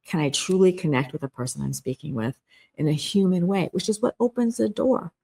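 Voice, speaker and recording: Middle-aged woman, interview guest, slightly low voice; earnest, emphatic coach who voices imagined quotes. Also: lively intonation, brisk, gravelly, dark tone, slightly rough. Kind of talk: podcast interview.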